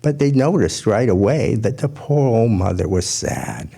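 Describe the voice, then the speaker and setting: A man telling a folk tale to a gathering, in a measured, gentle storytelling manner. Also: on the low side, big pitch swings, creaky, husky.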